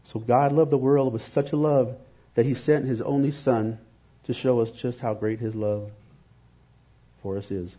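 A man's voice: mid-range voice, fairly even intonation, a little slow, muffled recording. A man giving an earnest, reflective devotional sermon and posing rhetorical questions.

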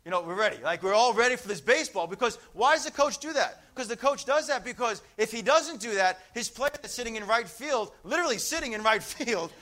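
A middle-aged man preaching a sermon, telling stories with lively energy and now and then shouting out a phrase. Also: high voice, fast talker, hardly any pauses, a little hiss or hum. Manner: animated storytelling, shouting out phrases.

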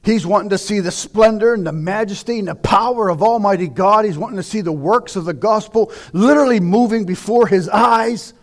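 High-voiced preacher, hushed to shouting. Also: male voice, a little fast, hardly any pauses. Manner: dramatic, swings from hushed near-whispers to shouting; conversational storytelling with rhetorical questions. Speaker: pastor. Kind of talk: sermon.

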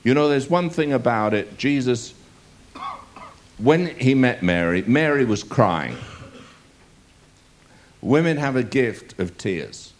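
A man's voice: mid-range voice, slow, pauses often. A man preaching a sermon, reading a scripture passage aloud and asking his listeners rhetorical questions. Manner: animated delivery with rhetorical questions to the audience.

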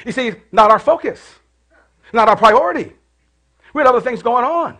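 A middle-aged man preaching a sermon in church, calling out to the congregation and dropping to hushed prayer. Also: very high-pitched, expressive, normal speed. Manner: call-and-response preaching, rising to shouts and dropping to hushed prayer. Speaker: pastor.

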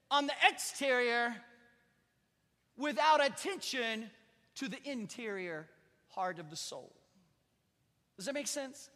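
A male pastor delivers a sermon in a conversational preaching style, leaning hard on key words with emphatic rising stresses. His voice is very high-pitched, bright and pushed, and he speaks slowly with long pauses. The setting is a church sanctuary, and the recording carries church hall reverb.

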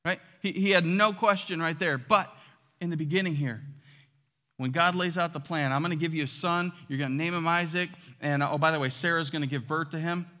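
A man preaching in a church, his voice very bright and slightly high. He talks in an animated way and acts out quotes with sudden loud bursts. The sound carries a long hall reverb. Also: a little fast. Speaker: pastor. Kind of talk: sermon. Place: church sanctuary.

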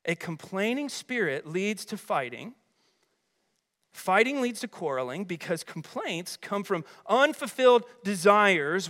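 A man preaching a sermon as a pastor, energetic and emphatic, with chatty rhetorical asides. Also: high voice. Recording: long hall reverb.

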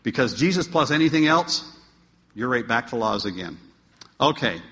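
A man preaching a sermon to his congregation, asking them questions and swinging between emphatic, pleading peaks and quiet asides. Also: mid-range voice, animated, moderate pace. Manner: asks the congregation rhetorical questions. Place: church. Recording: long hall reverb.

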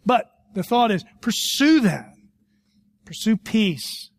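A pastor in middle age delivering a sermon with a fairly high voice. He tells stories with animation, then drops low and quiet to press a point home. The sound is dry and close, with little room around it. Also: slow pace, gravelly, no room sound. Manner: animated storytelling, swings between loud and hushed.

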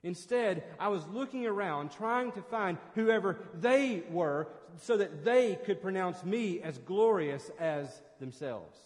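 Pastor guy preaching, earnest and emphatic, a bit high voiced, lots of hall echo. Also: animated, slow, few pauses. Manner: earnest preaching with emphatic rises and repeated restarts. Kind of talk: sermon.

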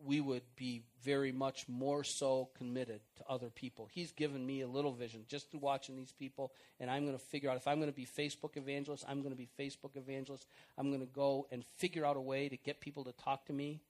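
A middle-aged man preaching an informal sermon, acting out prayers and conversations in an animated way. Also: medium pitch, quick pace, hardly any pauses.

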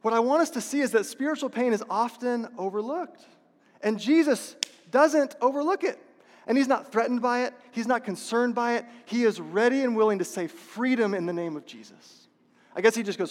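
A man's voice: very high voice, moderate pace. A man preaching a sermon as a pastor, passionate and repetitive, asking the congregation rhetorical questions. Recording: long reverb of a large hall.

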